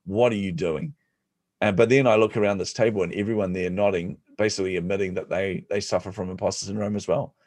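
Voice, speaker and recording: A man, a podcast guest, telling stories in an animated, self-deprecating way and acting out the voices of people he quotes. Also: deep voice, fast talker, few pauses, no room sound. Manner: self-deprecating humor, frequent laughs. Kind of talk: storytelling in an interview.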